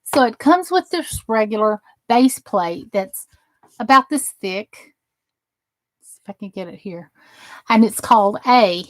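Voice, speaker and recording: A woman with a Southern US accent hosts a crafting channel, showing off a die-cutting machine while chatting with live viewers in a casual demo. Her medium-pitched voice has lively intonation, and she's unhurried, pausing often, rambling chattily and reading chat aloud as she works. The audio is poor, with no room sound.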